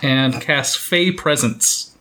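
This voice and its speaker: Slow-talking, laid-back tabletop player. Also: mid-range voice, pushed and bright. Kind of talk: casual tabletop play.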